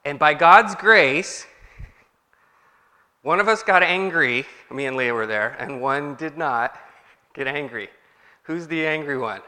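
Bright-voiced pastor in a reverberant hall. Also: male voice, medium pitch, expressive, moderate pace. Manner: conversational, asks the congregation questions. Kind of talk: sermon. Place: church hall.

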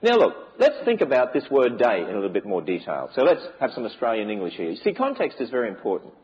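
A man's voice: medium pitch, wildly swooping pitch, fast talker, highs cut off. A man giving an emphatic preaching lecture to a church audience, with many rhetorical questions. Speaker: speaker on biblical creation.

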